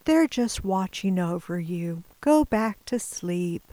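A woman putting on a calm, steady mother. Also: on the low side, slow, dry recording. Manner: soft, steady, quietly firm.

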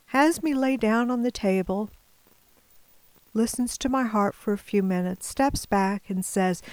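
A woman tells a personal story slowly and deliberately, sometimes sinking to a whisper. Her voice sits in a middle range. It sounds dry and close, with no room around it. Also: medium pitch, no room sound, poor audio. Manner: measured, deliberate, at times dropping to a whisper.

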